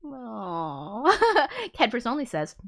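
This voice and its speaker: A woman's voice: fairly high pitch, wildly swooping pitch, drawn-out words, creaky, fairly bright tone. Rambling woman chatting on a live stream. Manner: rambling, lots of fillers and swearing; reads viewer comments aloud. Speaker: musician streamer. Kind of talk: casual live-stream chat.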